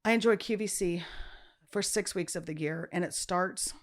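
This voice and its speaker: A woman co-hosting a podcast, chatting casually with quick asides and agreement. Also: lowish voice. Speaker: podcast co-host. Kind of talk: casual chat.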